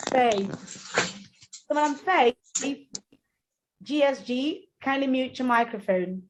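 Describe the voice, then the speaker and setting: Woman diction teacher, fairly high voice, slow and deliberate drilling of words. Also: animated, a little hiss or hum, rough recording. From Nigeria. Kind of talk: online pronunciation class.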